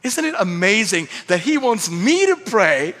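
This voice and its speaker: A man pastor with a Swedish accent, telling a humorous story in a sermon, animated and self-mocking. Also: high voice, measured pace. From Sweden. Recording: church hall reverb.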